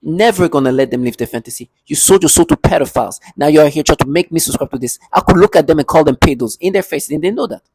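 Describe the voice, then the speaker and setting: A man with a slightly high, gravelly voice rants in an agitated monologue, circling back to the same points and breaking into bitter laughs. He records in his apartment, and the sound is dry and close. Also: animated, quick pace, hardly any pauses, a little mellow, no room sound. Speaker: vlogger. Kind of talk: angry monologue to camera.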